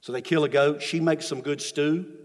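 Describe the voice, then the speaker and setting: A man's voice: on the high side, fairly even intonation, normal speed. A man preaching a sermon as a pastor, retelling the story with emphatic repetition, recorded in a church sanctuary with long reverb.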